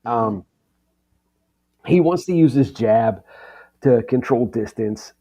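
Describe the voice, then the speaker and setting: A man co-hosting a podcast, giving casual fight analysis in a halting way, with many ums. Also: medium pitch, animated, dark tone, husky. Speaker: podcast co-host.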